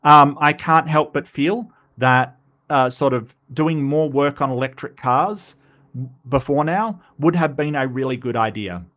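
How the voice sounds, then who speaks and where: Australian male streamer, casual host, rambling and chatty, mid-pitched. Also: unhurried, a bit bright. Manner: chatty and rambling, with frequent restarts and asides. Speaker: livestream host. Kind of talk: casual livestream commentary.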